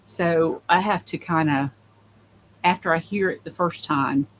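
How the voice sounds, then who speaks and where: A woman's voice: low voice, measured pace, a little hiss or hum, low-quality recording. A woman guest on a podcast, telling a personal story in an earnest, emphatic way. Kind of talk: casual conversation.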